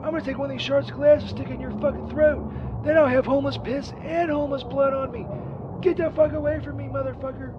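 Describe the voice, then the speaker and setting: A man's voice: very high voice, steady tone, quick pace, voice pushed up. A man voicing a foul-mouthed, frantic Saint Peter, rambling and swearing as he leaves a voicemail from a street phone booth. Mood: furious. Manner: profane, rambling, shouting at a stranger. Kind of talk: comedy phone bit. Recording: muffled phone voicemail with faint street noise.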